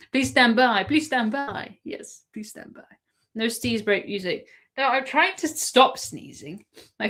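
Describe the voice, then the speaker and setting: English lady rambling through viewer questions on her stream, medium pitch, lots of little laughs. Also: a bit bright. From England. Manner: chatty, answers viewer questions, laughs often. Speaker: cruise live-stream host. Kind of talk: casual live-stream Q&A.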